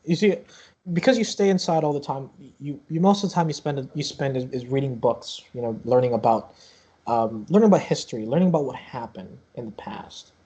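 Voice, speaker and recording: A man's voice: mid-range voice, animated, fairly quick, dark tone, husky, highs cut off. A man narrating a tabletop game as game master in a rambling, casual way, stacked with fillers and restarts.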